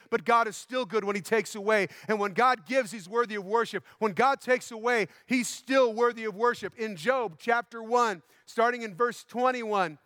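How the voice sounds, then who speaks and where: A man's voice: high-pitched, fairly bright tone, dry recording, studio quality. A male pastor preaching an emphatic sermon, repeating phrases and asking the congregation questions. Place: church sanctuary.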